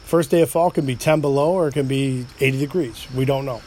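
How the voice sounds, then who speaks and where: A man's voice: mid-range voice, brisk, darkish tone. A middle-aged man with an upstate New York accent rambles through a solo podcast. He swears freely, cracks jokes at his own expense and sounds a little tipsy. A faint hum of crickets sits behind his voice. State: a bit tipsy. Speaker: podcast host.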